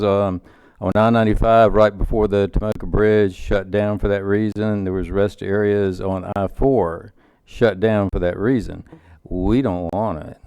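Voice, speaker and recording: Deep-voiced Southern man, emphatic. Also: a little mellow, clear, resonant tone, no echo, clean studio sound. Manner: emphatic, measured. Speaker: county council member. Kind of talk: council meeting remarks.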